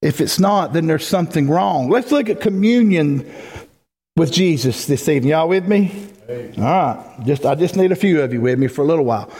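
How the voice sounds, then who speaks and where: A man's voice: on the high side, lively intonation, normal speed, darkish tone, slightly rough. A man preaching a folksy sermon as pastor, building to emphatic peaks. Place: church sanctuary. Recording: long hall reverb.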